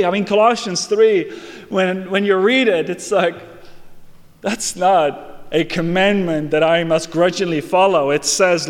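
A man preaching an earnest sermon, dropping to hushed, quiet lines and rising into excited, louder storytelling. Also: moderate pace. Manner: earnest, swings from hushed lows to excited highs. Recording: long hall reverb.

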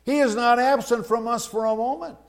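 A man preaching a sermon, slow and emphatic, repeating his key phrases. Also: very high-pitched, fairly even intonation.

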